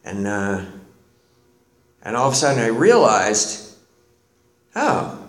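A middle-aged man, a guest on the show, telling a personal story in a halting way, with many restarts and quiet pauses. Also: on the low side, sing-song. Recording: roomy echo.

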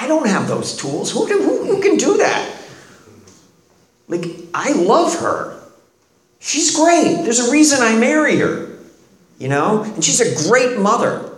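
Slow, animated man in an echoey room. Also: a little high. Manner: animated, self-deprecating storytelling with laughs. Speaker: speaker sharing his recovery story. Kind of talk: personal recovery talk.

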